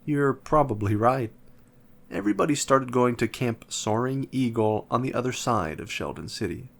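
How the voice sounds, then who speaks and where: A man's voice: mid-range voice, animated, normal speed, gravelly, fairly bright tone. A man reading a nervous young schoolgirl. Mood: worried. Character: worried young schoolgirl, cautious.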